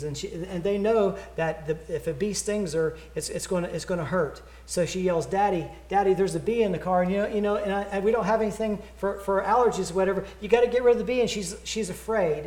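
In an echoey church, a preacher with a voice slightly high for a man earnestly addresses his congregation with a sermon invitation, stumbling over repeated words while telling a story.

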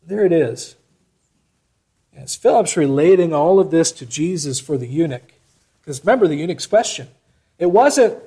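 A man preaching a sermon, reading scripture aloud and explaining it with expressive shifts in loudness. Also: fairly high pitch, normal speed, slightly rough.

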